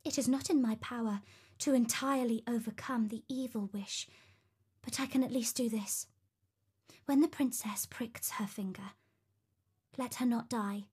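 A hushed wise fairy, as a woman reads her. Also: on the high side, husky. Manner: hushed, solemn, partly whispered. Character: gentle wise female fairy granting a wish. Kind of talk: storybook reading.

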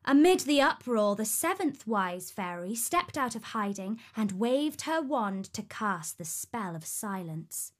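Slow, expressive woman storyteller. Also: a little high. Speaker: narrator. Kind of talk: storybook reading.

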